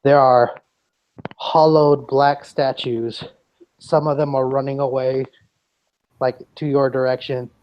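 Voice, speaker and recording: A man's voice: mid-range voice, little pitch movement, slow, pauses often, dull audio. A man narrating a tabletop game as game master, describing scenes with frequent restarts.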